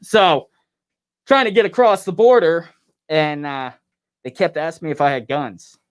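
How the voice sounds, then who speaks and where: A man's voice: fairly high pitch, expressive, measured pace. A man, a pro wrestler guest, telling a rambling story in casual podcast chat, laughing often and acting out what others said.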